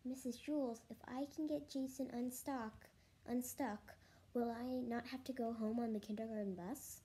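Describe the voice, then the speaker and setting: A woman's voice: fairly high pitch, steady tone, normal speed, dark tone, close to an everyday voice. A woman voicing a sly young schoolgirl in a storybook.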